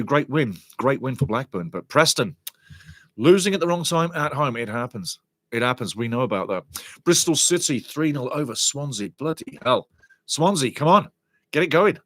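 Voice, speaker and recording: A man's voice: mid-range voice, no echo. A man hosting a live football watch-along stream, chatting casually and reading viewer comments aloud. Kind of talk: live stream chat and match talk.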